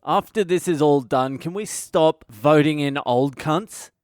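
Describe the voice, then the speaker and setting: A man's voice: a little high, a little slow, a little mellow, no room sound, clean studio sound. An Australian man, a comedian hosting his own podcast, delivering a crude, swearing comedic rant. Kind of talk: comedic monologue.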